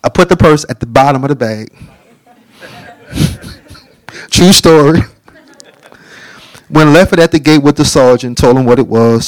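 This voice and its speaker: A middle-aged man preaching a testimony, telling his story in an animated way and acting out the dialogue. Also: medium pitch, no echo. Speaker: speaker giving a testimony.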